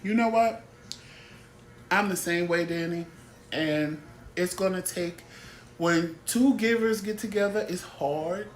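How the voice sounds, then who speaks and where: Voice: mid-range voice, echoey room, slight background noise. A talk show host telling stories in a blunt, exasperated, casual way.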